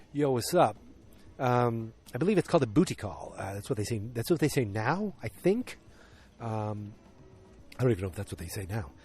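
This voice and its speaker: A man hosting a casual solo podcast. He retells the story in a rambling way, with lots of fillers, self-corrections and excited asides. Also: fairly low pitch, husky. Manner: animated, exclamatory asides. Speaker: podcast host.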